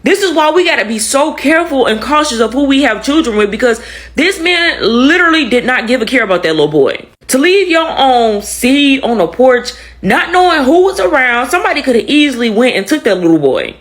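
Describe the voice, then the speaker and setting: A woman with a high voice that swings up and down a lot. She lectures the women watching directly, in a commentary video. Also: big pitch swings, brisk.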